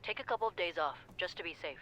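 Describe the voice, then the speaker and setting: An actor playing a calm, protective captain of a hunters' group in a video game, speaking in a steady, reassuring way. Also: mid-range voice, quick pace, a little hiss or hum, close to an everyday voice. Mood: concerned.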